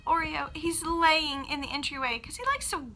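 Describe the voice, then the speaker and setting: A woman with children chatting casually to camera in a vlog, telling a story with lively acted-out quotes. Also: high-pitched, normal speed, slight background noise, poor audio. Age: adult with children. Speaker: vlogger.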